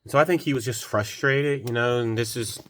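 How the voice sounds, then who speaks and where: A man's voice: mid-range voice, a little fast, fairly bright tone, slight background noise. A young adult man, a repair technician, telling a long customer story in a rambling, casual way. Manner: rambling, quotes others in shifting voices. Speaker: golf cart repair technician.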